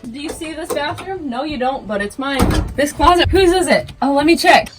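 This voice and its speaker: A young woman vlogs in a playful, goofy rush of exclamations, her voice leaping up and down. Her pitch sits a little high. Loud music plays under her from inside a motorhome. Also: expressive, moderate pace. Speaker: vlogger. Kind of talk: excited casual vlog.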